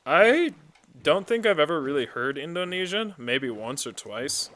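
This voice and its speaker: A man's voice: on the high side, expressive, normal speed, fairly bright tone. A man chatting casually while playing a building game, rambling through side stories with plenty of fillers. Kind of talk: casual gameplay chat.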